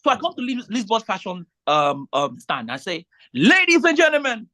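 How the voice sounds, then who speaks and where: A woman with a Nigerian accent talks casually to vendors as their meeting host. She is animated and pleading, and restarts her sentences often. Her pitch is lively and moves around a lot. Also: moderate pace.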